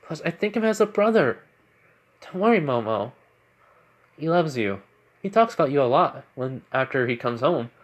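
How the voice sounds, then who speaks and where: Picture a shy teenage girl speaking in a small, raised voice, soft and a little pleading, as a man puts her on. The pitch sits well above an ordinary man's speech, and the voice is everyday rather than theatrical. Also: sing-song, moderate pace, pauses often. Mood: reassuring. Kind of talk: improvised fan story reading.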